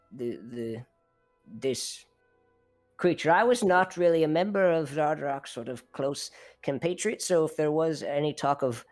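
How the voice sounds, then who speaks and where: A man playing a hesitant dwarf noblewoman. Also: a little high. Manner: hesitant, halting. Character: weary female dwarf noble, would-be ruler.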